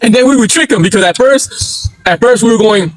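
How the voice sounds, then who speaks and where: A man telling a rowdy story on his livestream in casual slang, swearing freely and acting out the shouts and voices of the people in it. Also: extremely high pitch, fairly quick, no echo, faint music behind. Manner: animated, acts out quotes with yelps and laughs. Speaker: livestream host.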